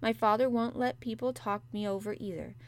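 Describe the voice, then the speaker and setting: A woman's voice: a little high, fairly even intonation, brisk, natural voice. A woman voicing a sickly, fretful young boy who talks in a half-whispered, anxious, insistent way. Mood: bitter.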